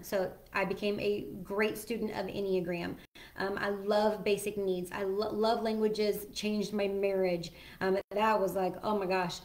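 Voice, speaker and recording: Earnest woman host, casual direct-to-camera chat, mid-pitched voice, loose and chatty. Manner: chatty and earnest, with many ums and self-corrections. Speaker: host sharing personal advice. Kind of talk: casual solo talk to camera.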